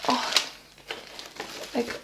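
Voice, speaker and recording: A young woman vlogger unboxing gifts at home, gushing and excited, often restarting her sentences. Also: very slow. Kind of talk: unboxing vlog. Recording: paper crinkling noise behind.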